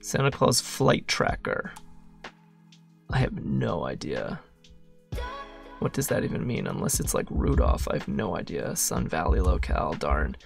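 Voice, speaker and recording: A man's voice: sits low, wildly swooping pitch, a little slow, creaky, pauses often, faint music behind. A man solving a crossword puzzle while thinking aloud, muttering, questioning himself and trailing off. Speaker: crossword solver.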